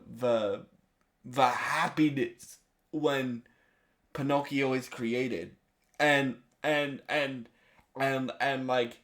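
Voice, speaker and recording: A man reviewing a movie in a casual video, eager and halting, with many restarts and fillers. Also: medium pitch.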